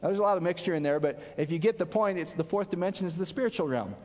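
High-pitched guy preaching, chatty and animated, joking around, lots of hall echo. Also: rapid-fire. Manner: animated, conversational, jokes and asides. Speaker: pastor. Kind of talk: casual sermon to a small group. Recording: long hall reverb.

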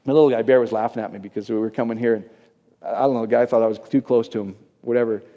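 A man's voice: medium pitch, steady tone, racing, muffled recording. Male pastor preaching in an echoey hall. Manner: conversational preaching, checking in with the audience. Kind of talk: sermon. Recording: echoey hall, long reverb.

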